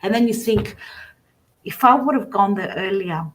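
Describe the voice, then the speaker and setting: A woman's voice: medium pitch, moderate pace, slight background noise. A middle-aged woman, a guest psychic, telling a personal story in a casual interview, full of restarts and self-corrections. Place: remote guest, at home.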